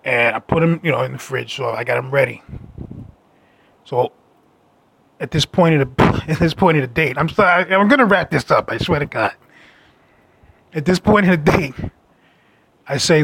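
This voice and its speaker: A man telling a rambling story about a date in a brash, casual monologue with loud asides. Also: a little high, moderate pace, gravelly, long pauses, slightly rough. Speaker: dating storyteller.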